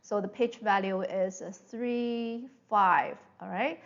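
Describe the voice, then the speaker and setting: Patient woman teaching pronunciation slowly. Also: mid-range voice, muffled recording. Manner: patient, repeats and checks "all right?", drawn-out demonstration vowels. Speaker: Mandarin teacher. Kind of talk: slow online pronunciation lesson.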